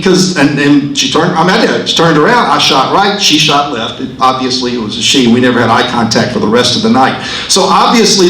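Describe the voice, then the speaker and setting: A man in his sixties with a medium-pitched, fairly bright voice performs a stand-up set in a club, rambling, profane and self-mocking as he works the crowd. The club room sounds echoey.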